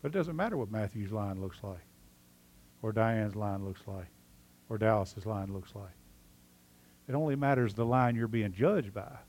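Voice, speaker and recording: Preacher telling a story. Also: male voice, lowish voice, moderate pace, pauses often. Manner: storytelling, swings from loud animated telling to quiet earnest asides. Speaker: pastor. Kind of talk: sermon.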